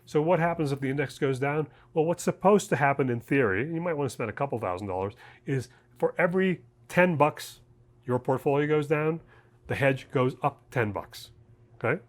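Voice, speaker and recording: A man's voice: medium pitch, moderate pace. A man who co-founded a trading education service, explaining an idea in a casual, chatty way, often checking in with "okay?" and "right?". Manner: uses homely examples and jokes. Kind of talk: casual explainer talk to camera.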